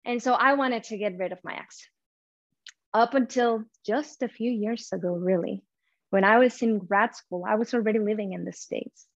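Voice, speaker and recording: A woman whose first language is not English, preaching a heartfelt sermon with pauses and restarts. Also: mid-range voice, dry recording, dull audio.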